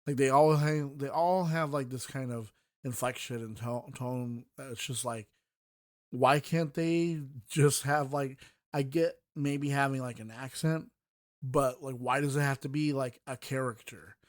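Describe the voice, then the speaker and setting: A man's voice: mid-range voice, measured pace, no room sound, clean studio sound. A man hosting a podcast, reviewing books in casual, rambling talk full of fillers and restarts. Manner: mocking voices when quoting. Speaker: podcast host.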